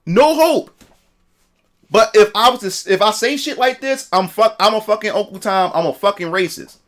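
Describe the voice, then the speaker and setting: A man's voice: high voice, normal speed. A man telling a story in a casual livestream rant, profane and repetitive. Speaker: streamer.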